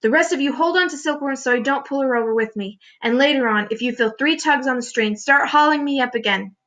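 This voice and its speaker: Bold little boy shouting orders, high and quick, lady reading it. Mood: determined. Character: brave young boy hero.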